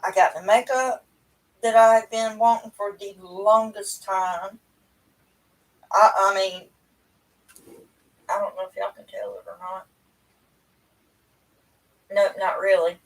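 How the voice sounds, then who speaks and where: A woman's voice: medium pitch, steady tone, takes it slowly, pauses often. A middle-aged woman, chatting in a rambling, folksy way to her livestream viewers from home over a webcam. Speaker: livestream host. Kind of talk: casual chat to viewers. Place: at home indoors. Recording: voice a bit far from the mic.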